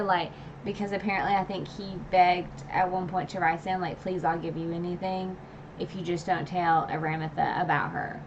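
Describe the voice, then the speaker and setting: A woman's voice: lowish voice, gravelly, background noise. Chatty woman recapping a book. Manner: chatty, full of filler "like"; retells scenes with emotional asides and laughs. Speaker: book channel streamer. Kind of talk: casual livestream book recap. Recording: dull lo-fi stream audio.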